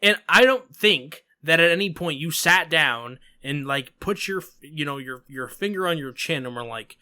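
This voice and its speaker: Talking at normal speed with barely any pauses, a New York podcast host chats casually in a high, bright voice that swings up and down. He's animated and emphatic, tossing in sarcastic remarks.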